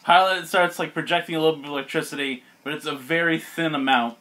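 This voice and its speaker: A man's voice: on the high side, steady tone, fast talker, bright, forceful tone. A man running a tabletop game as game master, narrating in a casual, rambling way with lots of fillers and laughs.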